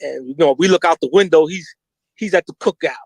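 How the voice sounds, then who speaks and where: A man's voice: on the high side, fairly quick, no room sound, low-quality recording. A middle-aged man, telling street stories candidly and with lots of slang as an interview guest. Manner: animated, slangy, mimics voices when quoting.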